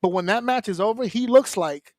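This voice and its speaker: A man on a wrestling round-table show, talking casually and bluntly, swearing freely and breaking into quick mimicry of the people he discusses. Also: sits high, dry recording, clean studio sound. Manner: animated, profane, mimics wrestlers in quick asides. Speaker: wrestling podcast panelist.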